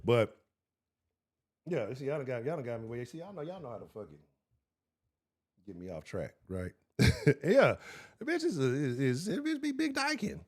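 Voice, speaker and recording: A man's voice: mid-range voice, normal speed, long pauses. A man hosting a live-streamed sports talk show, heated and profane, talking straight to his chat. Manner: profane, heated and animated, talks to chat directly.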